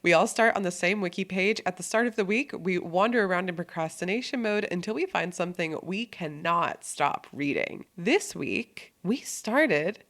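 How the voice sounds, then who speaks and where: A woman's voice: lowish voice, expressive, normal speed, few pauses, a bit bright. A woman co-hosting a podcast in casual chat, upbeat and laughing often. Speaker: podcast co-host.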